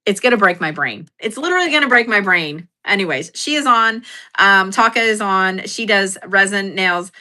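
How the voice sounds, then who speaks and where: A woman's voice: mid-range voice, expressive, normal speed, sharp tone. A woman hosting a casual livestream sale, chatting in a rambling, giggly, self-deprecating way with lots of fillers. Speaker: livestream seller host.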